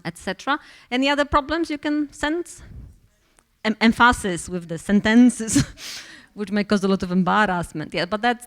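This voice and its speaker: Teacher trainer, woman, hesitant delivery full of fillers, mid pitch. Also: a bit bright. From Poland. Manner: hesitant, many fillers and restarts. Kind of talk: workshop presentation.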